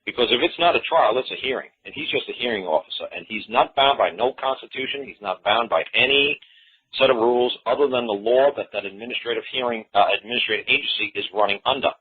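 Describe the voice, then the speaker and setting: A man's voice: mid-range voice, fast talker, slightly rough. A man giving a casual, folksy talk on common law. He repeats himself and acts out quoted exchanges. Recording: tinny phone-line audio.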